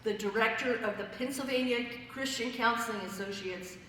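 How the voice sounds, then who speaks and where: A woman's voice: a little high, a little fast, a bit bright. A woman giving a personal testimony at a church fellowship, telling her story conversationally and in vivid detail. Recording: echoey hall, voice from far off, faint noise.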